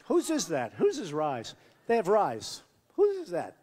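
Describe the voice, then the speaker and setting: With a high, mellow, slightly rough voice and huge swings in pitch, this male candidate talks a little slowly. He delivers a rambling, boastful, repetitive rally speech into a podium microphone, the large hall giving it a long reverb.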